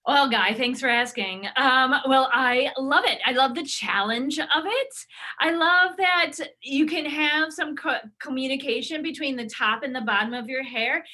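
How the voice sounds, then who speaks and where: A woman's voice: sits high, a little slow, pushed and bright, pitched above the performer's own voice, exaggerated voice. A woman playing a gushing, overexcited salon guest who squeals her lines.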